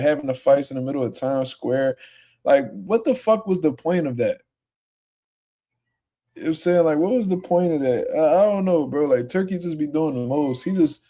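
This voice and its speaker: Young man, livestream host, casual chat, profane, mellow dark voice. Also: a little high. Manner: profane, laid-back, heated when arguing with commenters.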